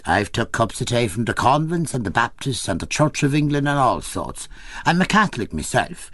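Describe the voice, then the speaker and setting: A man's voice: mid-range voice, big pitch swings, moderate pace, fairly bright tone, husky, dry recording. A man doing a whimpering Irish tramp. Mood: gloomy whining. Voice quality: whimpering, gloomy. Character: self-pitying down-and-out Irish male tramp.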